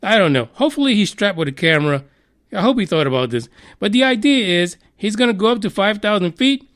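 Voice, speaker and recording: A man's voice: sits high, lively intonation, fast talker, fairly bright tone. A man hosting a podcast news show, giving crude, mocking commentary, swearing freely and laughing as he reads a story. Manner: profane, mocking, laughs while reading.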